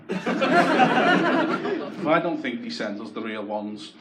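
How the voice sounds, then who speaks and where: A man's voice: on the low side, expressive, slow, heavy background noise. A young man from Liverpool with a Scouse accent, doing a wry, self-deprecating, sweary stand-up comedy set. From Croxteth, Liverpool, England. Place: comedy club stage. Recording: echoey club with loud audience laughter.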